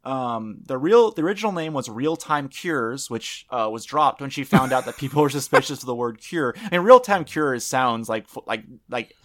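A man's voice: medium pitch, lively intonation, moderate pace, hardly any pauses. Rambling man hosting a casual podcast. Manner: rambling, many fillers and restarts. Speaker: podcast host presenting the topic. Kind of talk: casual chat.

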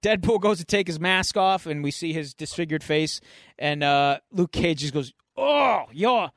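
Fairly high-voiced guy on a comic podcast, retelling a story all animated, dry sound. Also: normal speed, dry recording. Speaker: podcast host. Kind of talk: casual comic book chat.

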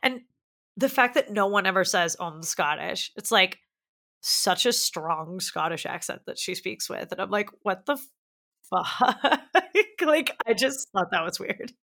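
A woman's voice: mid-range voice, animated, measured pace, pushed and bright. A woman co-hosting a casual film review podcast, talking emphatically, swearing and laughing as she rants. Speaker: podcast co-host.

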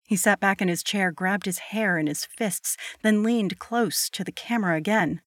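A woman narrating a scripted horror story at a measured pace. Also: mid-range voice, fairly bright tone, no room sound, studio quality.

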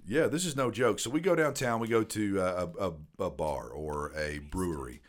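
Man, thirties, low-pitched, casual storytelling, rambling, swears a lot. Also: moderate pace. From Tennessee. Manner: rambling, profane, laughing storyteller. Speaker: podcast host.

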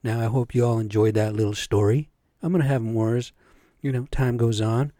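A man's voice: medium pitch, fairly even intonation, brisk, dark tone, dry recording, studio quality. A man telling a story to his viewers in a casual, chatty way, often checking in with listeners. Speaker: storyteller and vlogger.

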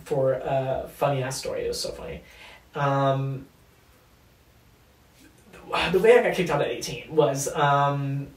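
Swearing young man telling a story. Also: mid-range voice. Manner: loose, profane, hesitant with fillers. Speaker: podcast guest. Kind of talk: casual storytelling chat. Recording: roomy and distant from mic.

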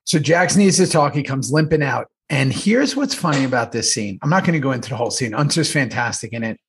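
A man's voice: mid-range voice, brisk, vocal fry, a little hiss or hum. A man, an actor co-hosting a podcast, telling behind-the-scenes stories with lots of swearing and animation. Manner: profane, animated storyteller. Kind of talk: casual rewatch chat.

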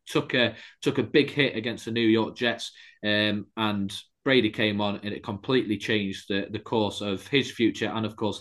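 A man's voice: on the low side, fairly bright tone. A man hosting a casual sports podcast, rambling through stats and restarting his sentences. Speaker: podcast host.

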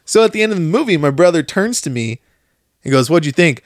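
Young guy cohost ranting n swearing, kinda high voice, dead dry sound. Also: fast, no room sound. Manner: profane, animated storyteller. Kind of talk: casual chat.

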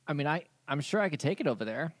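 A man's voice: fairly high pitch, expressive, very fast, dry recording. A man narrating a tabletop game as game master, speaking in a loose, hesitant way with many fillers.

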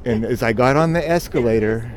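A man's voice: medium pitch, fairly quick, crowd noise. A man who is an airline captain, telling a story in an easygoing way with small chuckles. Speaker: airline captain, podcast co-host. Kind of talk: casual storytelling.

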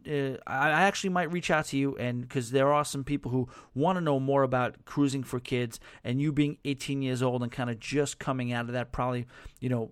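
A man hosting a podcast in casual chat, with a softened New York accent, rambling and correcting himself as he answers listener emails. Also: medium pitch, no echo, clean studio sound. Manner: rambling, self-correcting, conversational. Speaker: podcast host.

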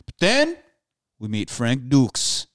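A man's voice: medium pitch, wildly swooping pitch, takes it slowly, fairly bright tone, no echo, clean studio sound. A man co-hosting a casual movie podcast, joking and cursing as he rambles through a film. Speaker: podcast co-host.

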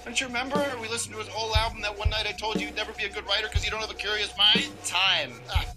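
An actress playing an exasperated young woman who teases and nags a friend, shouting a name at him. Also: medium pitch, fairly even intonation, racing, close to an everyday voice. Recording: clip with hip hop music behind.

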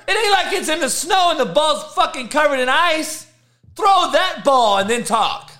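A man's voice: very high-pitched, animated, moderate pace. A middle-aged man, a football coach hosting a live show, ranting about sports in heated, profane bursts. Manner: profane, heated, shouting rants. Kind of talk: live motivational sports rant.

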